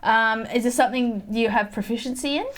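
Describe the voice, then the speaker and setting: A woman running a tabletop game as game master, easygoing and quick to laugh, with faint background noise. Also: fairly high pitch, a bit bright.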